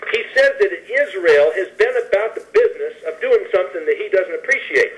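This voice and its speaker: A man on a talk show guesting to read scripture verses slowly and explain them with loose, pausing commentary. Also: high voice, animated, a little hiss or hum, low-quality recording. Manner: reads verses slowly and deliberately, then ad-libs commentary with pauses and fillers.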